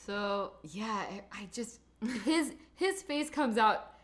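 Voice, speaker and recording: A woman's voice: medium pitch, lively intonation, takes it slowly. A woman co-hosting a podcast, chatting casually and laughing as she tells stories. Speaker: podcast co-host. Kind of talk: casual chat.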